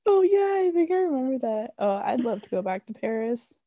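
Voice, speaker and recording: A young woman co-hosting a casual podcast chat, reacting with quick questions and laughter. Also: a little high, very animated, no room sound. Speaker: podcast co-host. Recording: dull dry lo-fi recording.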